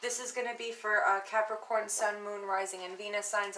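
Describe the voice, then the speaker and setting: A woman's voice: medium pitch, steady tone, normal speed. A woman reading tarot to camera in a casual, chatty way, with many fillers, and murmuring repeated invocations. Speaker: tarot reader. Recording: echoey room with loud background noise.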